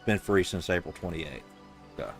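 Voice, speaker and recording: Male streamer with a Southern US accent, low register, sarcastic and casual. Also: normal speed, faint music behind. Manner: sarcastic, offhand, profane. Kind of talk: reading game dialogue aloud with commentary.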